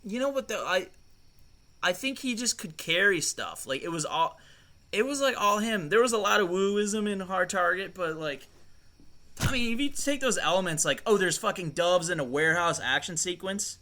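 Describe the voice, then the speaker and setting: A man co-hosting a loose, profane podcast conversation, rambling from thought to thought and laughing easily. His voice sits a bit high and rings very bright. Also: animated, moderate pace. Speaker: podcast co-host. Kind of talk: casual chat.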